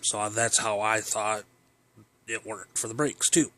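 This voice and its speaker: A man's voice: fairly low pitch, fairly even intonation, measured pace, sharp tone. A man casually telling a personal story, rambling with fillers and restarts.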